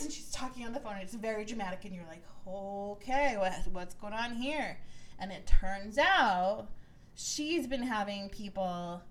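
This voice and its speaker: A woman co-hosting a podcast, casually recapping a reality show and telling the story with lively, acted-out quotes. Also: medium pitch, a little hiss or hum, low-quality recording. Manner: animated storytelling, acts out quotes in raised voices. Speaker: podcast co-host.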